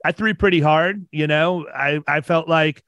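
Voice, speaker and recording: A fairly high-pitched man of around fifty spins casual stories on a podcast. He talks with lots of energy, doubles back on his words and laughs easily, and his voice sounds dry and close with no room around it. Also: a little slow, gravelly, fairly bright tone, dry recording, highs cut off.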